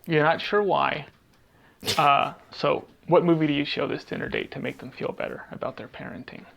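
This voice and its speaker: Male podcast co-host, gravelly fry in the voice, casual and rambling, thinks out loud while hunting for titles. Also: fairly high pitch, moderate pace. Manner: rambling, searches aloud for half-remembered titles. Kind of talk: casual podcast chat, movie game.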